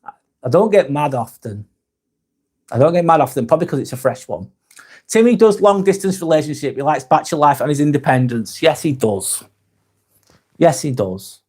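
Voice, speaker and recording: A man's voice: a little high, lively intonation, moderate pace, pauses often, darkish tone, slightly rough. Swearing man live-streaming. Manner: swearing, angry rant then apologetic. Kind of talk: casual live-stream chat reading comments.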